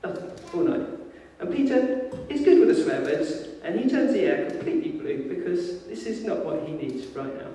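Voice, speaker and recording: A man preaching a sermon in lively, informal storytelling, acting out the voices of the people in the story. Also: high voice, normal speed, few pauses, slight background noise. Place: church. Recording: echoey hall from far off.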